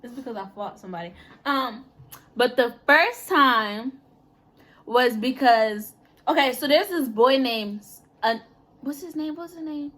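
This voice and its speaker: High-voiced young woman, lively storyteller. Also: a little slow. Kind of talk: casual storytelling chat.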